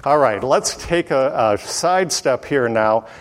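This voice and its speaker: A man's voice: mid-range voice, lively intonation. Man teaching scripture in a reverberant hall. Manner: unhurried, frequent uh fillers and throat clearing. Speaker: Bible teacher. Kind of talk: verse-by-verse Bible teaching.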